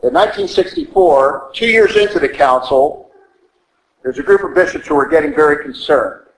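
A man preaching a sermon with emphatic stress, rhetorical questions and quick mocking asides. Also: fairly high pitch, very animated, gravelly, echoey room, low-quality recording. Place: church.

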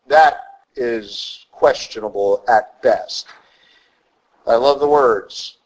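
A man's voice: medium pitch, slow pace, poor audio. A man preaching a sermon as a priest, blunt and conversational with emphatic asides.

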